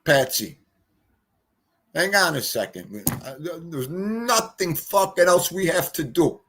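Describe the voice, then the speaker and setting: A man's voice: fairly high pitch, animated, takes it slowly, a little hiss or hum. A man hosting a casual livestream, joking and ranting in mock exasperation, swearing freely as he reads the chat. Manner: loud, joking banter with swearing. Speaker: livestream host.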